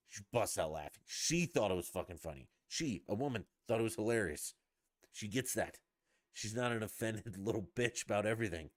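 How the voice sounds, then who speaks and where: A man's voice: lowish voice, no echo, clean studio sound. A middle-aged man ranting casually as a podcast host, blunt, mocking and profane.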